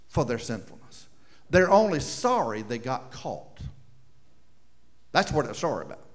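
Middle-aged preacher guy, kinda high voice, goes big then drops real quiet, drags words out. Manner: dramatic swings from loud to hushed, slows for emphasis. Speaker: pastor. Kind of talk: sermon.

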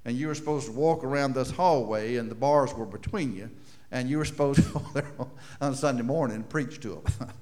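A middle-aged man preaching a sermon, swinging from loud declarations to hushed asides and slowing down for emphasis. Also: mid-range voice. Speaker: pastor.

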